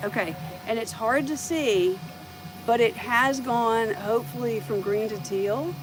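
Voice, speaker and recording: A woman's voice: a little high, a little slow, noisy background. Chatty woman with a light Southern lilt. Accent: light American Southern. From United States. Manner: chatty, thanks viewers and thinks aloud. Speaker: 3D printing streamer. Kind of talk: casual live stream chat.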